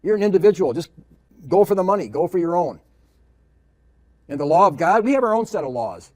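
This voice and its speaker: Emphatic preacher man, slightly high voice. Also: very animated, brisk, a little mellow. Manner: emphatic, rhetorical questions, repeats phrases. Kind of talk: preaching lecture with read-aloud quotations.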